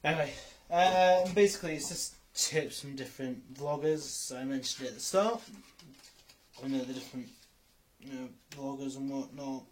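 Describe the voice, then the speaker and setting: A young man talks casually to his viewers in a rambling vlog style. He stops to fix his own words and drops the odd swear word. His pitch sits right in the middle for a man. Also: steady tone, normal speed, slight background noise. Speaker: YouTuber.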